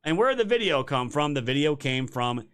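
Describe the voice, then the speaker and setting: Brief: male streamer-host, slightly high-pitched, heated profane rants, sarcastic, speaks to viewers as "you guys". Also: very animated, fairly quick, fairly bright tone, clear, resonant tone. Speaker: political commentary show host. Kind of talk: live-streamed political rant.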